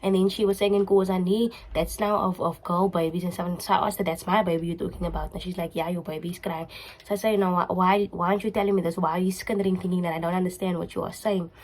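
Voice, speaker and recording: A woman's voice: on the low side, fairly even intonation, fast, a little mellow, rough recording. A young woman with a South African accent telling a personal story in a casual, emotional way, slipping into Afrikaans words. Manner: emotional, repetitive, switches into Afrikaans. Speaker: vlogger.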